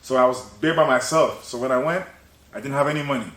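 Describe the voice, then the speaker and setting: A young man hosting a podcast, telling a story in casual chat, animated and laughing, with "bro" in nearly every line. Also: medium pitch, fast. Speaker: podcast host. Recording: roomy echo, faint noise.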